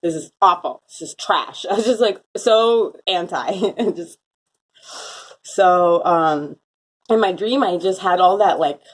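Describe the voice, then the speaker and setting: A young woman telling a rambling story in a casual vlog, full of "like" fillers and quick laughing asides. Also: fairly low pitch. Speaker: vlogger. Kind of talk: casual chat, recounting a dream. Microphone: phone.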